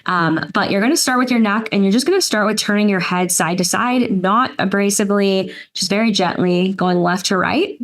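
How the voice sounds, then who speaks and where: A woman presenting a nutrition workshop, gently talking listeners through an exercise step by step with casual fillers. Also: mid-range voice, moderate pace, hardly any pauses. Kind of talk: guided exercise instruction.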